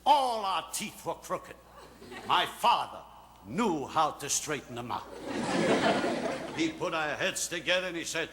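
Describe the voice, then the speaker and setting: A man's voice: a little high, very animated, a little slow, pauses often, in a large hall, background noise. A man doing a stand-up comedy routine, complaining his way through family anecdotes toward punchlines.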